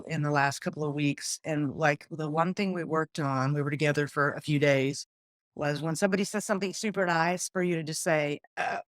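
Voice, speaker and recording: A woman's voice: sits low, no room sound, clean studio sound. A woman hosting an interview podcast, upbeat and effusive as she introduces and chats with her guest. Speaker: podcast host and coach. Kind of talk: casual interview chat.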